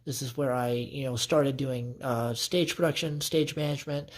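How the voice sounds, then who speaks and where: A man's voice: medium pitch, fairly even intonation, moderate pace. A young man chatting casually into his phone camera as a vlogger, rambling enthusiastically with lots of fillers and restarts. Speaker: vlogger showing his playbill collection. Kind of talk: casual chat.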